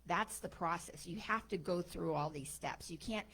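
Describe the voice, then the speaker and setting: A woman's voice: on the low side, normal speed, fairly bright tone, breathy edge. A woman speaking at a spiritual service, telling a parable in a casual, improvised way with many fillers. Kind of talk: storytelling talk.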